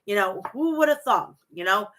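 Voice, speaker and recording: A woman's voice: medium pitch, lively intonation, normal speed, fairly bright tone. A woman in her forties hosting a casual wrestling show, profane, gushing and rambling as she talks to her chat. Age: 40s. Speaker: wrestling podcast host. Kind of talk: casual chat reading live chat.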